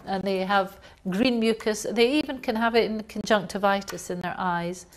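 Female lecturer, mid pitch, explanatory, acts out coughs. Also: measured pace, slight background noise. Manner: explanatory, acts out coughs and gasps, uses fillers. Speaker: homeopathy lecturer. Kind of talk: recorded lecture.

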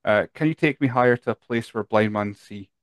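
A man's voice: mid-range voice, brisk, no echo. A Scottish man hosting a podcast, chatty and tired, reading out listener questions with lots of fillers. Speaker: podcast host. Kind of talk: casual chat.

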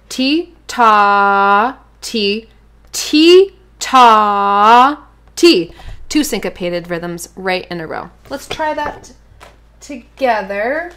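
A woman teaching a children's rhythm lesson, chanting rhythm syllables and encouraging the class. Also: medium pitch. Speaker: music teacher.

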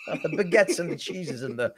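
A man's voice: a little high, background noise. A man co-hosting a casual recruiting talk show, rambling and self-deprecating, often repeating his words. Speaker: podcast co-host, recruiter. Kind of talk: casual chat.

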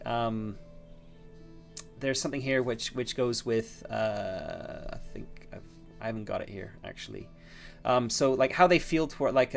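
A man plays and narrates a solo tabletop fantasy game by himself. He thinks aloud, wanders through fillers and restarts, and talks at an ordinary middle pitch. Soft guitar music plays underneath. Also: vocal fry. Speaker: solo game master and player.

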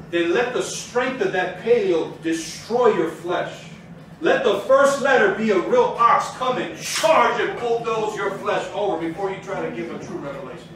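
High-voiced man preaching in an echoey hall. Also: normal speed, fairly bright tone, slight background noise. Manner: fervent, preaching with rising intensity. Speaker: Torah teacher. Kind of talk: sermon. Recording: very echoey room, mic far off.

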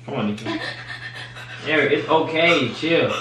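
A man in casual conversation, calmly asking questions and telling her to relax. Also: a little high, unhurried, far from the mic, slight background noise. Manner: calm, questioning, tells her to chill. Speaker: boyfriend being pranked. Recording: very echoey room, away from the mic.

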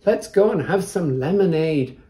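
A man's voice: on the high side, lively intonation, normal speed, warm tone, close to an everyday voice. A man voicing a cheerful old grandmother in a children's story.

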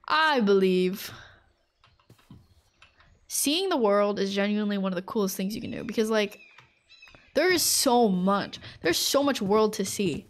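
A woman's voice: medium pitch, animated, measured pace, long pauses. A woman streaming a game live, chatting casually and rambling, with lots of fillers and frequent laughter. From United States.

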